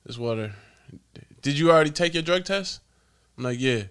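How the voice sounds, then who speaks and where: A man's voice: on the high side, expressive, moderate pace, a bit bright, smooth. A man hosting a podcast, telling stories casually, laughing often and swearing freely. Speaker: podcast host. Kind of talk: casual storytelling.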